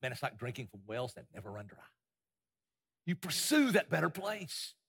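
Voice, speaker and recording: Husky preacher in a reverberant church. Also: male voice, medium pitch, sing-song, normal speed, fairly bright tone. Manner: impassioned, many restarts and repeated words. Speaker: pastor. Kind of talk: sermon. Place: church sanctuary. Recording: long hall reverb.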